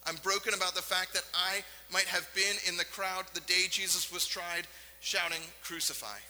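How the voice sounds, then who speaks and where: A male pastor preaching a sermon in a church, earnest and emphatic, with dramatic pauses. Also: sits high, level tone, sharp tone, big-room sound, rough recording. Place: church sanctuary.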